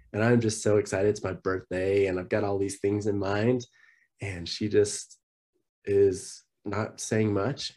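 A man's voice: sits low, a little mellow. A man candidly telling the story of his marriage, acting out remembered conversations. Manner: earnest, candid, acts out remembered dialogue. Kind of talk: personal storytelling on a podcast.

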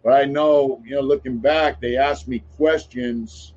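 A man's voice: mid-range voice, fairly even intonation, unhurried, darkish tone. Laid-back man telling a long story. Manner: laid-back, rambling, drops to a mutter at line ends. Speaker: podcast host telling his story. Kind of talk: casual storytelling chat. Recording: dull lo-fi sound.

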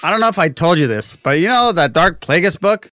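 A man hosting a pop-culture podcast, chatting casually and joking with his co-hosts. His pitch bounces around with a lot of life. The sound is close and dry, with no room around it. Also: animated, fairly quick, bright, forceful tone, dry recording. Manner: joking, laughs often, playful voices. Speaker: podcast host. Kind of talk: casual chat.

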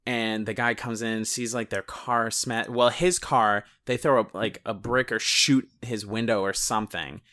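A man co-hosting a podcast, chatting casually about a movie and retelling scenes in a rambling, animated way, swearing and laughing often. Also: fairly low pitch, a little slow, hardly any pauses. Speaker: podcast co-host reviewing a movie. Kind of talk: casual chat.

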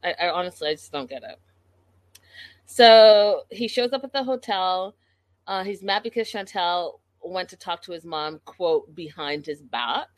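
A woman's voice: on the low side, expressive, measured pace, no echo. A woman giving a casual commentary recap of a reality show in an exasperated, incredulous way, talking straight to the people on the show.

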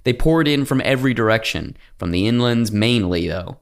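A man's voice: lively intonation, moderate pace, vocal fry. A man hosting a history podcast, reading a script with sarcastic asides and swearing. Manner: sarcastic, swears, jumps to high mocking voices. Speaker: podcast host. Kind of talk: scripted history narration with casual banter.

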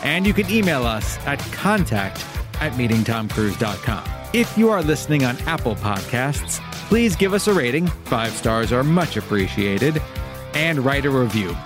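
A man hosting a podcast who reads the closing credits evenly and deadpan. His pitch still moves a lot. Clear music plays under his voice in the studio. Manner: measured, deadpan credit reading. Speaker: podcast host and producer.

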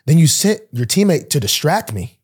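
Speaking at normal speed with a breathy edge, this young male podcast host and pro football player recounts a story conversationally. He gets animated, voicing each character with big leaps in pitch.

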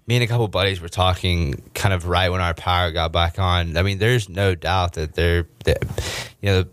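Deep-voiced man in casual podcast chat. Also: steady tone, moderate pace, a bit bright, no echo, clean studio sound. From Texas. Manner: laid-back, frequent fillers and restarts. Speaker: podcast host.

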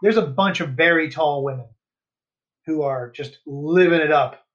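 High-voiced man on a lo-fi podcast. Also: a little slow, a bit bright. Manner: loose, joking, rambling with fillers and swearing. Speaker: podcast co-host. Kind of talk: casual chat. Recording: dull lo-fi podcast audio.

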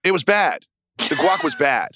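A man's voice: on the high side, animated, unhurried, crowd noise. A man in his thirties co-hosting a podcast, playful and teasing in casual chat. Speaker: podcast co-host.

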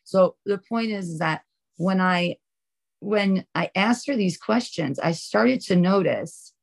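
A woman's voice: medium pitch, a little slow, creaky. A woman lawyer, a podcast guest, explaining a court case in a confident and slightly gloating way. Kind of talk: casual podcast interview.

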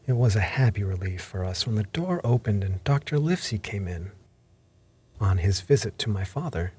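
A man narrating a classic adventure novel in measured, scripted storytelling, sometimes dropping into half-whispered phrases. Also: lowish voice, a little mellow, slightly rough. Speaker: audiobook narrator.

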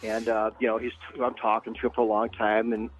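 A man's voice: lowish voice, completely flat delivery, fairly quick, faint music behind. A man calling in to a radio show, rambling through a funny story with lots of filler words. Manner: rambling, lots of "you know". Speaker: caller. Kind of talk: telling a funny anecdote. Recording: dull lo-fi line.

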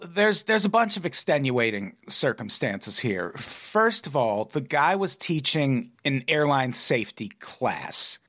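A man's voice: a little high, a bit bright. A man hosting a comedy podcast, joking around and reading news headlines aloud. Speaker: podcast host. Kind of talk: casual chat.

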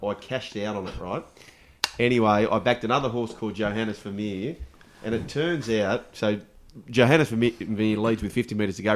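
A man, co-hosting a sports radio show, who introduces callers in a loud, upbeat way. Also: fairly low pitch. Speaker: radio co-host. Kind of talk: lively radio banter.

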